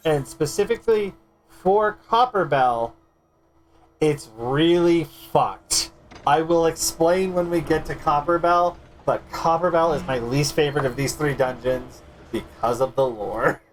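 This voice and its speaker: A man's voice: a little high, measured pace, slight background noise. A man streaming a game, chatting casually and animatedly, stammering and swearing now and then.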